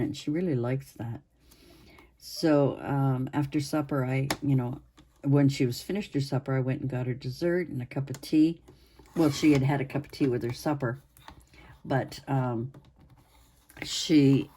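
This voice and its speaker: A woman in her sixties hosting her own channel, chatting to camera in a rambling way with pauses and restarts, her voice hoarse and interrupted by coughs. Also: a bass voice, warm tone, a little hiss or hum. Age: 60s. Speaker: channel host. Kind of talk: casual chat to camera.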